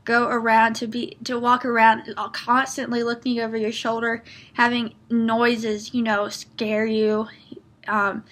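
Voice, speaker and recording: High, bright-voiced woman reviewing a book. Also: little pitch movement, a little slow. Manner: earnest, rambling, with many fillers and restarts; openly emotional, close to tears. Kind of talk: casual book review vlog.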